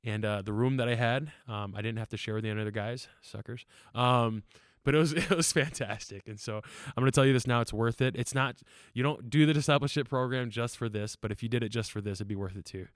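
A man's voice: mid-range voice, fast, hardly any pauses, dry recording. Earnest, laughing young man with a dry sound. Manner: laughing, earnest, rambling with fillers. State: tearful. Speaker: podcast guest. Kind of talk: casual podcast chat.

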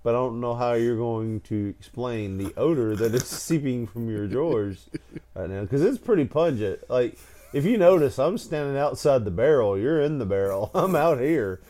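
Animated man telling a funny story. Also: mid-range voice, moderate pace. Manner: animated, laughs through his own story. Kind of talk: casual storytelling chat.

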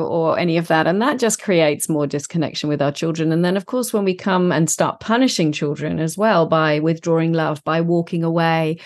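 A woman's voice: on the low side, brisk, darkish tone. A woman co-hosting a casual podcast conversation, talking in an earnest, compassionate, reflective way. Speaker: podcast co-host.

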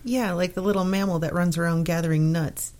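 A woman's voice: on the low side, fairly even intonation, a little fast, darkish tone. A woman co-hosting a radio show, reading news items and teasing the host dryly. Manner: teasing, dry. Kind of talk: casual radio banter.

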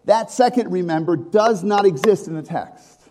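A man's voice: high-pitched, normal speed, darkish tone. A man preaching a conversational sermon to a congregation, with asides and restarts. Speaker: pastor.

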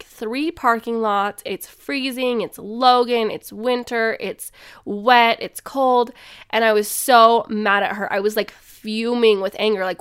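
A woman's voice: fairly high pitch, fairly bright tone, clear, resonant tone. A woman sharing personal faith stories in an earnest, conversational way, with plenty of filler words. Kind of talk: personal reflective storytelling.

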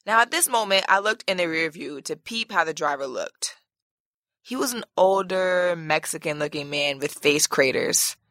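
A woman's voice: low voice, moderate pace, fairly bright tone, dry recording, studio quality. A woman podcast host reading a listener's letter aloud as a brash, profane, sassy story.

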